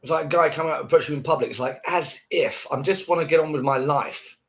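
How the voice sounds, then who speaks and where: A man's voice: fairly high pitch, fast talker. A man ranting casually to camera, scornful and heavily profane, repeating himself.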